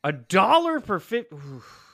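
A man talking as a guest on a podcast, animated and joking, swearing freely in casual chat. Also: sits high, slow, vocal fry, a crowd in the background.

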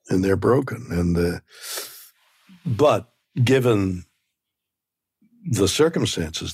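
Casting: man in his 90s, low husky voice, reflective and halting, dry close sound. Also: darkish tone, no echo. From Canada. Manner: halting, repeats words, meandering. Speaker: interview guest. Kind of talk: reflective conversation.

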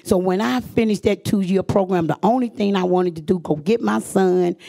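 Middle-aged woman, gravelly voice, earnest live storyteller, emphatic and repetitive. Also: medium pitch, moderate pace, mellow. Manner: earnest, emphatic, repeats phrases for weight. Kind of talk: live personal storytelling to an audience.

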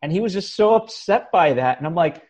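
A man's voice: high-pitched, expressive, brisk, a little mellow. A man hosting a casual podcast chat, rambling and hesitant with many fillers as he asks questions. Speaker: podcast host.

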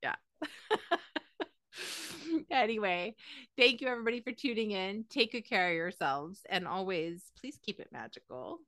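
A woman's voice: mid-range voice, expressive, normal speed, pushed and bright, no echo, clean studio sound. A woman hosting a podcast, chatting casually in a rambling way and laughing often. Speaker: podcast host. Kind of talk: casual chat.

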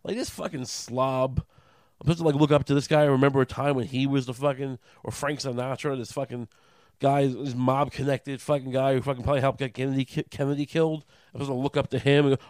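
A man on a sarcastic, profane comedic rant, his voice jumping high when he gets indignant. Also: level tone, fast talker, a little mellow, no room sound.

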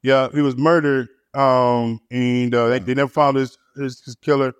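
A pastor and church planter recounts his story conversationally, tripping over repeated words and dropping fillers between phrases. His middle-pitched voice is smooth and level at a moderate pace, sounding close and dry without any room echo.

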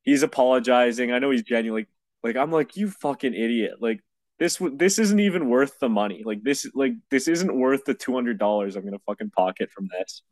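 A man's voice: medium pitch, expressive, fairly quick, no room sound. A young man telling a story in casual chat, exasperated and swearing often, with rambling restarts.

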